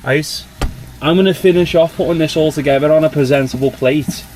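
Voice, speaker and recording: A man's voice: fairly high pitch, a little fast, heavy background noise. A young man, chatting casually to camera in a campervan, rambling with lots of fillers. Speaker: travel vlogger. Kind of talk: casual vlog chat to camera. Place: inside a small campervan.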